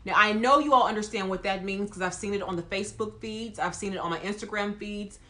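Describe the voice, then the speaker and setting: Bright, emphatic woman nurse host. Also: mid-range voice, fast talker. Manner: lively, emphatic, talks straight to viewers. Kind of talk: casual talk to camera.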